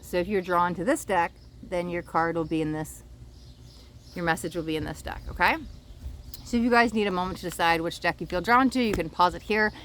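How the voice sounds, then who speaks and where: A woman's voice: fairly low pitch, steady tone, brisk, a bit bright, a little hiss or hum. A woman giving a casual, rambling oracle card reading to camera outdoors by the water, often checking in with her viewers.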